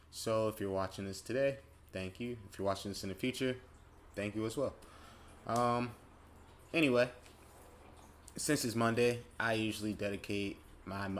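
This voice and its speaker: Deep-voiced man musing aloud. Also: slight background noise. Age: late 20s. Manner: rambling, self-correcting, thoughtful. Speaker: podcast host. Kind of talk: casual reflective monologue.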